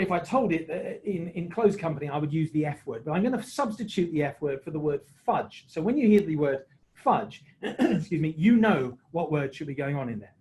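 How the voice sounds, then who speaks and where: A man's voice: fairly high pitch, a little mellow, a little hiss or hum, low-quality recording. A man, a former rugby referee, telling jokey, self-mocking anecdotes on a video call. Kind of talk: anecdotal storytelling on a webinar.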